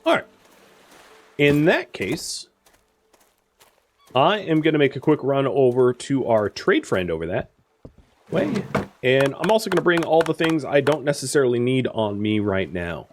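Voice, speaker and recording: A man's voice: medium pitch, very animated, a little slow, pauses often, a little hiss or hum. A man streaming a survival game live, chatting casually, thinking aloud and answering his chat as he plays.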